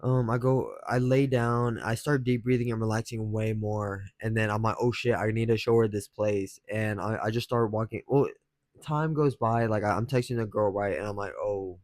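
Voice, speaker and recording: A man's voice: fairly low pitch, steady tone, moderate pace, a little mellow, no echo. A young man telling a rambling story in casual chat as a dating advice vlogger, slangy, swearing freely and chuckling often.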